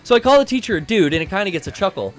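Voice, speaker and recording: A high-pitched man in his thirties spins a rambling, profane story while co-hosting a game stream. Faint game music plays behind him. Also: sing-song, rapid-fire. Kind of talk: casual storytelling over gameplay.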